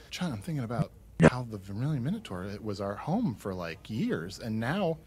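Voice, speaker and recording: A man's voice: lowish voice, big pitch swings, normal speed, darkish tone, a little hiss or hum. A man hosting an improvised comedy podcast, earnest and a bit flustered, often stumbling over his words. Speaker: podcast host.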